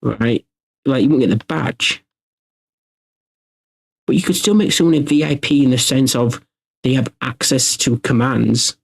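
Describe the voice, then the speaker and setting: A man talks casually to his livestream viewers at a middle pitch. He rambles and thinks out loud, often restarting his sentences. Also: unhurried, creaky, long pauses, husky, low-quality recording. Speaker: streamer hosting a workshop.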